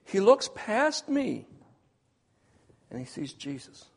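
Male preacher, higher voice, dynamic sermon delivery, long hall reverb. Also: very animated, slow pace, creaky, husky. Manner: swings from hushed to loud, emphatic preaching.

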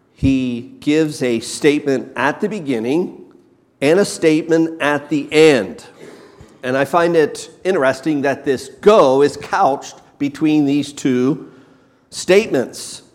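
A male preacher delivers a sermon at an unhurried, deliberate pace, leaning hard on repeated words. His voice sits in the middle range. The sound trails off into a long hall reverb. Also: mid-range voice, a little mellow. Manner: slow, emphatic, repeats key words.

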